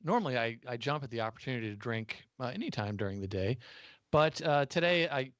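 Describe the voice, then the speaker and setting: Casting: relaxed American man, mid pitch, chatty with frequent uh fillers, dry slightly muffled video-call sound. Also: brisk, no echo. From United States. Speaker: podcast host appearing as guest. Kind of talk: casual interview chat.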